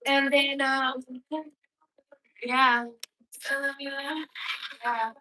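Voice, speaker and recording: A woman's voice: high-pitched, little pitch movement, very slow, bright, forceful tone, a little hiss or hum, poor audio. A woman in her twenties chatting casually on a livestream, answering viewer comments in a blunt, outspoken way and swearing freely.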